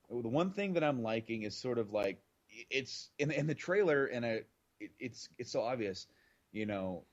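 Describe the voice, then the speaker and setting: A man's voice: mid-range voice, dull audio. A man co-hosting a podcast in casual chat, rambling and circling back on his points. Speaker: podcast co-host.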